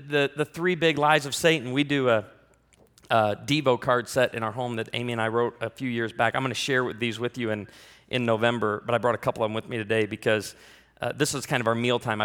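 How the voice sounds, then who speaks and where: A man preaching a sermon, telling humorous family stories in an animated way and bursting into loud acted quotes. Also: mid-range voice, in a large hall. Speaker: pastor.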